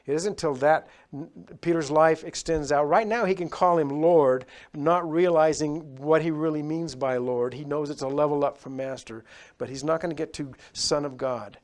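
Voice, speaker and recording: A man's voice: fairly high pitch, fairly even intonation, moderate pace, few pauses. Emphatic male preacher. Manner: emphatic, swings between loud rises and quiet drops. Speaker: pastor. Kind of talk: sermon.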